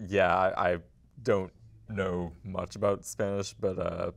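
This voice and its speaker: A young man on a community TV panel, talking hesitantly with many pauses and fillers. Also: low voice, little pitch movement, creaky. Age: young adult. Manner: hesitant, many ums and uhs. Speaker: media intern, panelist. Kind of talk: casual panel discussion.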